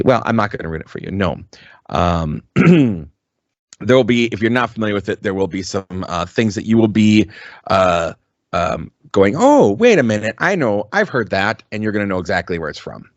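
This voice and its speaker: Low rambling guy cohosting a podcast, swears a lot, dry dull lo-fi sound. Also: gravelly, no echo. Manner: rambling, full of ums and restarts; swears freely. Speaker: podcast co-host. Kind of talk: casual chat.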